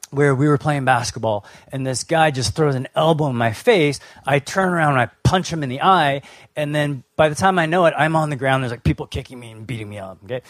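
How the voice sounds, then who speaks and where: A man's voice: on the high side, no room sound. A young adult man from Canada giving a sermon, telling his own story in a casual, conversational way with fillers and restarts. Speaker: pastor.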